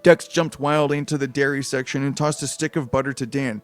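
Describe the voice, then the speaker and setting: A man's voice: medium pitch, little pitch movement, brisk, soft background music. A man casually reading a novelization aloud on a live stream, with chatty asides. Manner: loose, chatty asides and restarts.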